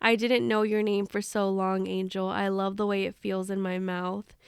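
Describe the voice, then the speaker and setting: A young woman co-hosting a casual book podcast, recapping scenes and acting out quotes in hushed voices, laughing often. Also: mid-range voice, level tone, moderate pace, vocal fry, clean tone, no echo, clean studio sound. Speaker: podcast co-host.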